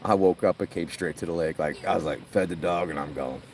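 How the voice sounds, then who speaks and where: Low-voiced dude laughing through stories on his phone stream outdoors, kinda far from the mic, light background noise. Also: brisk. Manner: laughs a lot, rambling storyteller. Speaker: livestreamer. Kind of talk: casual live-stream chat. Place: outdoors by a lake.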